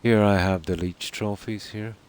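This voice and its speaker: A man with a lowish, steady, somewhat dark voice gives relaxed, rambling live-stream commentary as he plays a game from a room at home at night. He's easygoing, dropping lots of "you know"s and pauses.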